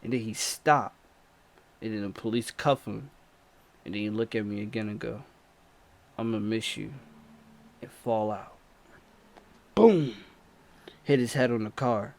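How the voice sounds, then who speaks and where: A young man telling a story in a casual vlog, animated and slangy, swinging from low mutters to excited outbursts. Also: vocal fry. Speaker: storytime vlogger.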